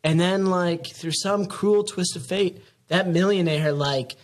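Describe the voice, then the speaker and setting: Teen guy on a podcast going on and on about life stuff, kinda preachy as a joke, higher voice. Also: measured pace. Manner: rambling and philosophizing, mock-preachy. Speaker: student guest. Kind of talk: casual podcast chat.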